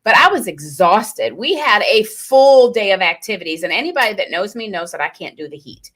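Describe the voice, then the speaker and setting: A middle-aged woman from Scotland, co-hosting a casual radio talk show and telling stories in a lively, laughing way. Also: medium pitch, brisk. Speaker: co-host. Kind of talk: casual chat.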